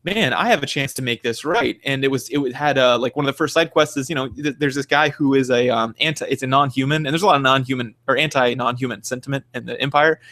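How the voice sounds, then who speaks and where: A man's voice: medium pitch, fairly even intonation, fast talker, few pauses, a bit bright. A young man co-hosting a podcast, ranting animatedly about video games in casual, profane chat. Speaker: podcast co-host.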